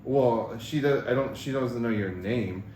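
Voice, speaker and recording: A man's voice: medium pitch, a little slow, darkish tone, echoey room, a little hiss or hum. A young man co-hosting a podcast, chatting casually and laughing through joking banter. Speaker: podcast co-host. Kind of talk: casual chat.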